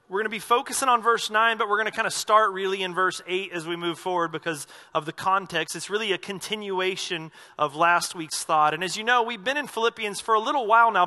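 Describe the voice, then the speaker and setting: Guy pastor giving a sermon, higher voice, chatty asides, slows down to hammer points home. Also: sharp tone. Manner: conversational, with asides and self-corrections; slows down for emphasis on key phrases.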